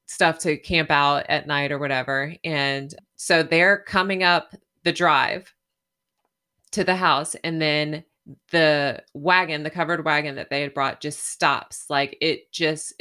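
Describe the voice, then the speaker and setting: A woman co-hosting a podcast, telling a story in a chatty and animated way and laughing often. Her voice sits low in pitch but sounds bright and forceful. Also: slow, clear, resonant tone. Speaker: podcast co-host. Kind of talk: casual storytelling.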